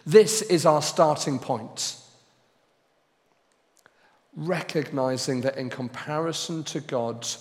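A man preaching a sermon as pastor, speaking slowly and deliberately and pressing hard on key words. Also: a little high, long reverb tail. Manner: slow and deliberate, with loud emphatic stresses.

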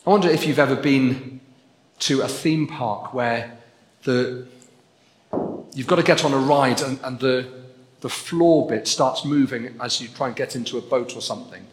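Preacher in an echoing hall. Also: male voice, mid-range voice, moderate pace, long pauses. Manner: earnest, building to emphatic repetition. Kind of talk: sermon. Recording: echoey hall with long reverb.

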